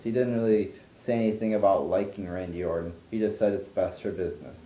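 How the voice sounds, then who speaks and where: Ranting vlogger, male, mellow low voice, swears a lot, restarts sentences, roomy room. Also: flat delivery, moderate pace, slight background noise. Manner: profane, exasperated, rambling with restarts. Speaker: wrestling commentary vlogger. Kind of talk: ranting monologue.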